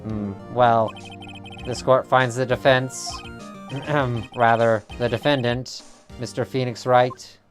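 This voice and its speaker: A man voicing a mild-mannered older judge who speaks slowly and hesitantly, with light music behind. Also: mid-range voice, steady tone, close to an everyday voice.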